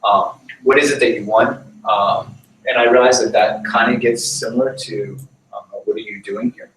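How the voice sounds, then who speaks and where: A man's voice: mid-range voice, fairly even intonation, normal speed, fairly bright tone, slight background noise. A man leading a small church group in an informal sermon, talking loosely with many ums as he tells a story. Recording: echoey room, mic far off.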